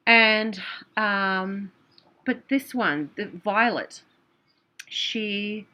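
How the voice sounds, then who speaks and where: A woman's voice: fairly low pitch, unhurried, bright, forceful tone. A woman telling a personal story in a casual, earnest way, often repeating herself. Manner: earnest, repetitive, emotional. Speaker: vlogger and clairvoyant.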